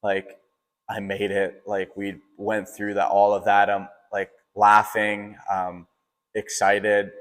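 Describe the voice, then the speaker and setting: A young man with a deep voice tells a personal story in a casual, rambling way. He often says "like" and restarts mid-sentence, and his delivery stays fairly even. The recording carries a long, hall-like reverb. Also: slow. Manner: casual, fills with "like", frequent restarts. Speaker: podcast host.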